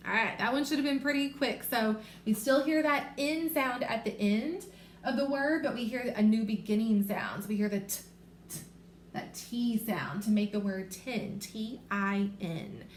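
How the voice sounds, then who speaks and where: A woman teaching a remote reading lesson to young children, sounding out letters and words slowly and clearly. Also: fairly high pitch. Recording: echoey room with faint noise.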